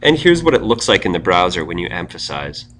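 A man with a fairly low voice walks through a coding tutorial at his computer. He explains step by step and thinks aloud as he works. Faint keyboard clicks sit under his voice. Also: very animated, a little fast, a bit bright, a little hiss or hum. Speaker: web design tutor. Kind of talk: screencast tutorial.

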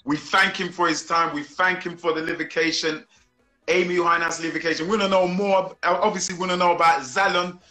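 A man hosts over a video call, enthusiastic and slangy, heaping praise on his guest. His fairly high, bright voice rings in an echoey room, with faint music behind. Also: flat delivery, a little fast. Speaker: interview host. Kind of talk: casual interview over a live stream.

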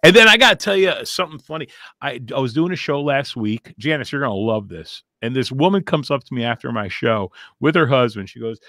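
A man's voice: medium pitch, lively intonation, brisk, bright, forceful tone, no room sound, studio quality. A man hosting a comedy podcast, chatting in a rambling, jokey way with lots of fillers and restarts. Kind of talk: casual comedic chat. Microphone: remote call line.

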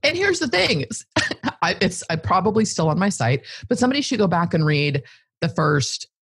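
A woman with a lower, slightly husky voice, talking as a podcast guest in lively casual chat. Her pitch swings widely as she laughs and tosses in quick asides, and the sound is dry and close. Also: no room sound.

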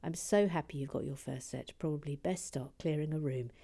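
A woman hosting a livestream and chatting casually as she builds and reads viewer messages aloud. She often drops into soft, whispered asides and is chatty, self-deprecating and full of restarts. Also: sits low, a little fast, vocal fry, husky. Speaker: livestream host.

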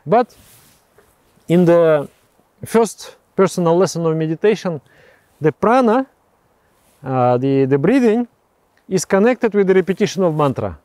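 Halting, mellow-voiced male meditation teacher. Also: on the high side, animated, dry recording. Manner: halting, repeats words and restarts phrases. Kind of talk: explaining meditation practice.

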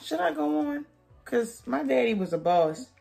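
A woman's voice: sits high, sing-song, moderate pace, creaky, warm tone, soft background music. A woman beauty vlogger chatting through a wig tutorial, sassy and playful, joking with her viewers as she works.

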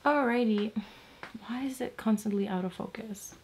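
A woman's voice: a little high, moderate pace, darkish tone, slight background noise. A young woman from Latvia chatting casually while doing her makeup, swearing freely and saying "like" a lot. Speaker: beauty vlogger.

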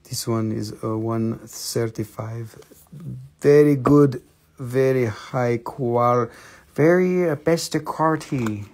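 An excitable man hosts a live crystal sales show from a shop, cracking jokes in broken English. His voice has a gravelly edge. His everyday pitch sits in the middle range. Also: slow.

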